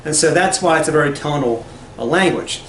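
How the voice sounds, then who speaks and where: A man with a high voice gives a loose, rambling lecture full of fillers and restarts. His voice rings in an echoey room, with faint ambience in the background. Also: brisk, fairly bright tone, slight background noise. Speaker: language lecturer. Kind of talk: casual spoken lecture with anecdotes.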